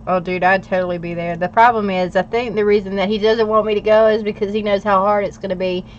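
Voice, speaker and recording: A woman's voice: mid-range voice, fairly even intonation, fast. A woman from the United States chats casually with live viewers, laughing easily between remarks. Her voice sits in a middle register. The recording is slightly dull, with a faint hiss underneath. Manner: chatty, laughs often, talks while working. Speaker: planner livestream host.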